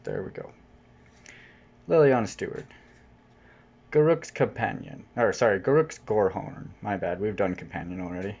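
A man chatting casually while opening trading card packs, jokey, with sudden excited outbursts. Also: mid-range voice, normal speed, pauses often, highs cut off. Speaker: channel host unboxing cards. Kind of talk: casual unboxing commentary. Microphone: off-camera voice-over mic.

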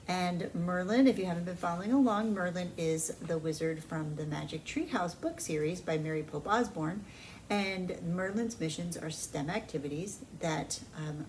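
A woman's voice: lowish voice, a little mellow, a little hiss or hum, low-quality recording. Woman reading a storybook to kids. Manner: friendly and casual, with fillers. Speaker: children's librarian.

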